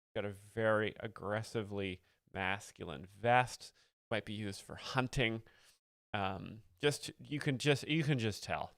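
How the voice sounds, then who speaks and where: A man hosting a livestream, explaining jokes in a mock-earnest, deadpan way with lots of fillers. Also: lowish voice, a little slow, vocal fry, no room sound, clean studio sound. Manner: mock-earnest, reading chat, many fillers. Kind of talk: deadpan satirical commentary.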